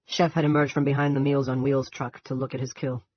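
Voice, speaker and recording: A man reading a novel aloud in a steady, plain narration. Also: medium pitch, fairly quick, dry recording. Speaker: audiobook reader. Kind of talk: audiobook narration. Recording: dull lo-fi.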